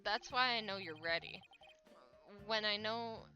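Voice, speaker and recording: A woman voicing a calm, reassuring male mentor lawyer who talks in a steady, encouraging way while reading game dialogue. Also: mid-range voice, measured pace, soft background music.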